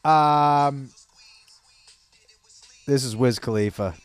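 A man's voice: medium pitch, extremely slow, soft background music. A man hosting his own podcast as a comedian, in a casual, profane, rambling way with laughing asides. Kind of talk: casual solo podcast chat.

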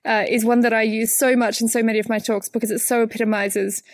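A woman with an Australian accent, a particle physicist and author answering interview questions in a lively, story-telling way. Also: on the high side, no echo. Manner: animated storyteller, fillers and quick restarts.

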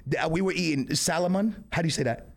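A man's voice: a little high, a little fast, creaky. Rambling, joking male podcast host. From Washington, D.C. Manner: rambling, joking storyteller with many restarts. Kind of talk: casual podcast chat. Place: tailgate setup with a makeshift mic.

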